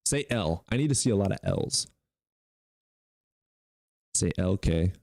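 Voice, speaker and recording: A man's voice: sits low, lively intonation, unhurried, vocal fry, a little mellow, no room sound, clean studio sound. A young man hosting a livestream debate, mocking chat and callers with swearing and bursts of laughter. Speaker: streamer hosting call-in debates.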